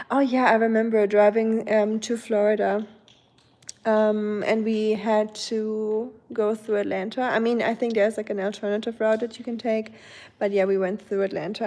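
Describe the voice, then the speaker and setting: A woman's voice: fairly high pitch, warm tone. Chatty young woman live-streaming from home. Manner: chatty, rambling with fillers and self-corrections. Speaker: livestream host. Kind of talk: casual live-stream chat.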